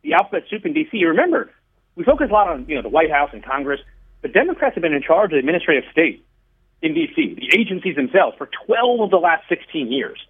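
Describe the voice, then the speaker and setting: A man being interviewed on a radio show, laying out his points in a measured, explanatory way and sometimes telling a fable to make them. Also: fairly high pitch, sing-song, breathy edge. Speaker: radio guest, regulatory commissioner. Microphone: phone line. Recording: tinny phone line.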